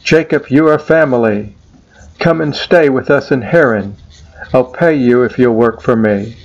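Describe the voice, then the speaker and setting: A wily older uncle, as a man reading a storybook poem puts him on, genial and coaxing with a sly edge. His voice sits at a middling pitch. The recording is a little dull and lo-fi. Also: unhurried. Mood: welcoming. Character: scheming older male uncle, a wily herd owner.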